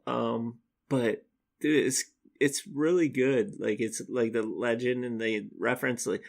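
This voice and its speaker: A man's voice: mid-range voice, fairly even intonation, a little slow, vocal fry. A man co-hosting a podcast in casual chat, rambling and upbeat and laughing easily as he talks. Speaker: podcast co-host.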